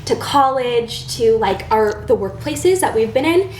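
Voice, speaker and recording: A woman's voice: fairly high pitch, animated, unhurried, a little mellow. A young adult woman co-hosting a podcast, effusive and affectionate, with many fillers. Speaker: podcast co-host. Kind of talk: casual podcast chat. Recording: echoey room with clear background noise.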